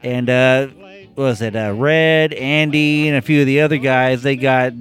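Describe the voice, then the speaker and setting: A man guesting on a casual movie podcast, retelling a scene with many pauses and fillers. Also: mid-range voice, fairly even intonation. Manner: hesitant, filler-heavy retelling.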